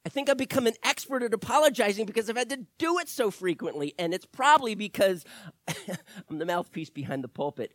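A middle-aged male pastor preaching a sermon to his church, swinging from loud emphasis to quiet asides, with self-deprecating humor. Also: on the high side, dry recording.

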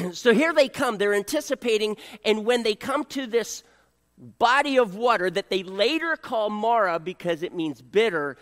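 A man preaching a sermon, animated and joking, acting out voices and coughing now and then. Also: high-pitched, normal speed, in a large hall. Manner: animated, acts out voices, jokes with the congregation. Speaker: pastor.

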